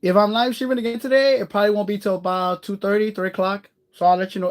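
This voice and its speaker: A man's voice: high-pitched, brisk, hardly any pauses. Chatty man rambling to live viewers. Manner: warm-hearted, encouraging. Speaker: live streamer. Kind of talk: casual live-stream chat.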